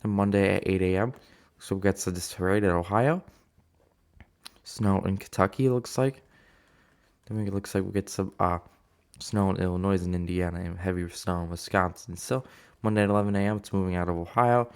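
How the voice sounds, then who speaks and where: A man's voice: low voice, a little fast, darkish tone, clear, resonant tone. A man casually talking through weather forecast maps, rambling with many fillers and restarts. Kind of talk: casual weather map walkthrough.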